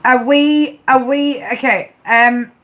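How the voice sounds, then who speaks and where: A woman's voice: high-pitched, fairly even intonation, slow, a bit bright. A woman giving live tarot readings, blunt and rambling, swearing heavily and tagging her lines with "right?". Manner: blunt tough-love talk with heavy swearing; rambling, with constant "right?" tags. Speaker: tarot card reader.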